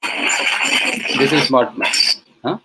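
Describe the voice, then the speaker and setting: A man's voice: medium pitch, extremely slow, heavy background noise. A man with an Indian English accent, a professor walking through an online teaching tool on a live video call, with many fillers and restarts. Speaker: webinar resource person, professor. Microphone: computer mic on a video call.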